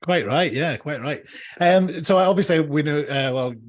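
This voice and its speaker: A man's voice: on the high side, normal speed. A Scottish man in his forties interviewing an old classmate, asking friendly questions and dropping short agreements. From Scotland. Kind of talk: casual interview chat.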